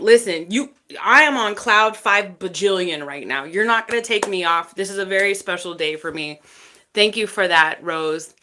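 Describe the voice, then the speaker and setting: A woman from Texas hosting a tarot livestream, chatting casually and thanking viewers by name as they join. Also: medium pitch. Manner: chatty, warm thanks to each viewer by name, frequent fillers.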